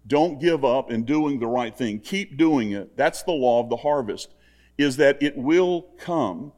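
An older man delivers a sermon in an earnest, conversational way, circling back to the same simple points again and again. His voice sits at an ordinary pitch for a man, neither high nor low. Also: lively intonation, unhurried, a little mellow. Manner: earnest, conversational, repetitive exhortation. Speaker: preacher.

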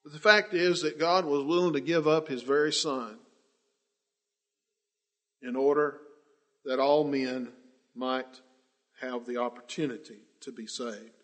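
A man preaching a sermon with passion, swinging between loud declarations and hushed, drawn-out words. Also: mid-range voice, fairly even intonation.

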